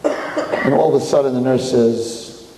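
A man telling a story live to an audience in a room, animated and repeating phrases for emphasis. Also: mid-range voice, a little slow, reverberant, long reverb tail, a little hiss or hum, rough recording.

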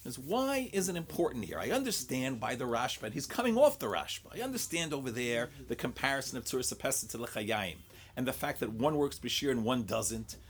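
Animated man teaching Talmud. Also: mid-range voice, a little fast. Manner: animated, full of rhetorical questions, repeats words as he thinks aloud; mixes English with Hebrew and Aramaic study terms. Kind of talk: Talmud study lecture.

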